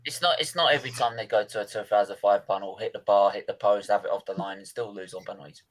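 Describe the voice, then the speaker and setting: A man's voice: fairly low pitch, fast talker. A man in casual football chat, emphatic and sweary, who repeats his points for effect. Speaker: watchalong host.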